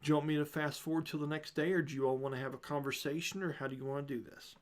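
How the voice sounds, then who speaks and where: A man narrating a tabletop game as game master, relaxed and improvising with fillers. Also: a little high, very fast.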